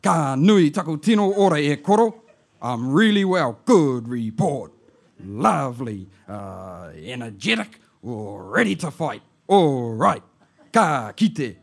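A man doing a loud, laughing old auntie. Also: mid-range voice, very animated, takes it slowly, creaky, voice pushed up, heavily acted. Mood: chatty. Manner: loud, laughing, mixes in Māori words. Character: boisterous elderly aunt, loud and teasing. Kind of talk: comic voice in a spoken-word poem.

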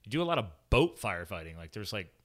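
A man in his thirties, a former hotshot firefighter hosting a casual chat, rambling and quick to laugh. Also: fairly low pitch, big pitch swings.

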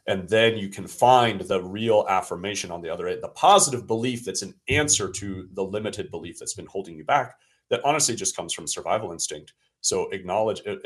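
A man's voice: low-pitched, breathy edge. A man who works as an alignment coach, speaking as a podcast guest in an earnest, reflective way and often correcting himself mid-sentence. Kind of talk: conversational interview.

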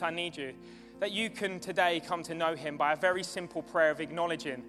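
A man preaching a sermon to his church, excitable and building to fervent shouting, with a live demonstration. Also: high-pitched. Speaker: pastor. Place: church hall. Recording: long hall reverb with music behind.

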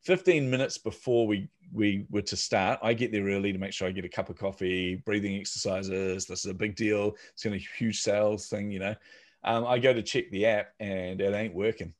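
A man's voice: on the low side, brisk. A man, a startup founder telling stories casually on a podcast and acting out the voices of the people in them. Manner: animated, acts out quoted voices. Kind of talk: casual storytelling.

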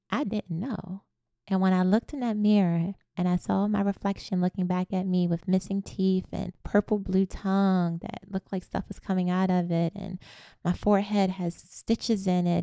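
A woman guest recounting a personal story in conversation, animated and laughing at times. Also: fairly low pitch, vocal fry, dry recording, studio quality. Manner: animated, laughs while telling stories. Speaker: podcast guest.

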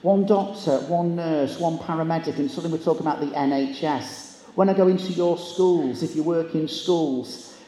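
The recording, made in an echoey large hall, has a little hiss or hum. A motivational keynote speaker with a fairly high pitch and dark tone, speaking at normal speed, tells comic stories to a live audience and acts out the people in them.

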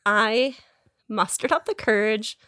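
A woman's voice: fairly high pitch, slow, bright, forceful tone, clean tone, dry recording, clean studio sound. A woman co-hosting a podcast, telling a story in a casual, self-deprecating way, with lots of "like" fillers and laughs between words. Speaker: podcast co-host.

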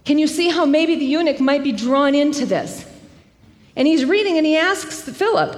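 A woman preaching a sermon, telling the story in a lively, conversational way with self-deprecating asides. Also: high-pitched, normal speed. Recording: long hall reverb.

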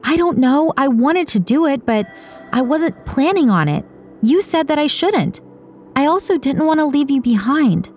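A woman's voice: sits high, sing-song, moderate pace, a little mellow, soft background music, pitched above the performer's own voice. A woman reading an audiobook, voicing a young woman runner who is an earnest, anxious daughter, in a pleading, emotional way. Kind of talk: audiobook character voice.

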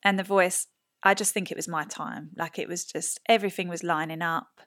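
A woman in her thirties tells her story as a guest on a podcast. She speaks in a fairly low voice and acts out everyone she quotes. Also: fairly even intonation, moderate pace, fairly bright tone. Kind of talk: casual storytelling chat.

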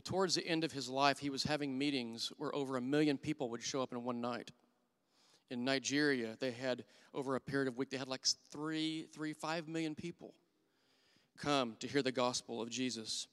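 A man's voice: mid-range voice, a bit bright, clear, resonant tone. A middle-aged man preaching a sermon as a church elder, telling candid and self-deprecating stories. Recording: long hall reverb.

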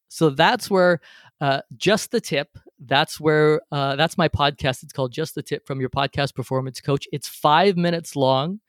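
A middle-aged man, a podcast coach, answering interview questions in a lively, storytelling way. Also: fairly high pitch, moderate pace, no room sound, clean studio sound. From Canada. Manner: animated storyteller, acts out his own rants.

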